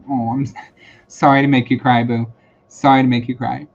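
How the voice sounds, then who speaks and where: A man's voice: medium pitch, little pitch movement, brisk, gravelly. A man hosting a live-streamed tarot and psychic reading, talking casually and reassuringly with lots of fillers and repeated phrases. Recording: dull lo-fi sound with faint background noise.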